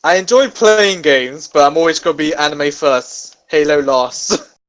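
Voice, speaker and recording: A man's voice: on the high side, low-quality recording. A man co-hosting a casual podcast, playful and jokey. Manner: playful, jokey, quick to laugh. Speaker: podcast co-host. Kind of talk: casual chat.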